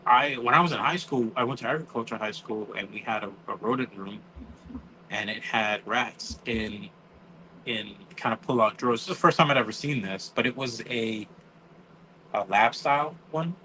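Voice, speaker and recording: A man's voice: mid-range voice, moderate pace, pushed and bright, a little hiss or hum, poor audio. A man, telling stories in casual chat, acting out quotes and swearing freely. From New York. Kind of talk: casual storytelling.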